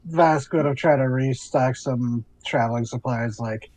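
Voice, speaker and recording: A man's voice: mid-range voice, unhurried, darkish tone, no room sound. A man playing a tabletop game with friends, thinking aloud in a rambling, casual way. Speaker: player.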